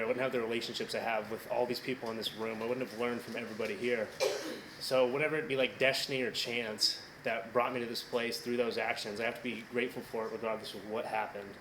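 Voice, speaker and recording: A man's voice: medium pitch, steady tone, quick pace, background noise. A man graduating from a program, giving a candid, reflective personal speech at a ceremony.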